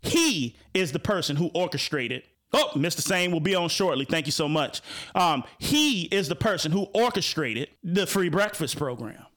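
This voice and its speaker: Animated, high-voiced male host. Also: normal speed. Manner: animated, joking, full of restarts and asides to the audience. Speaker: show host. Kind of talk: casual live-stream talk.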